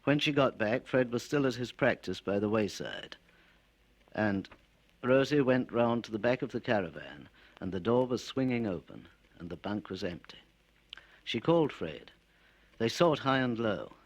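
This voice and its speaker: A man reading his own short stories aloud in a wry, measured storytelling manner on an old spoken-word record. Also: medium pitch, lively intonation, low-quality recording.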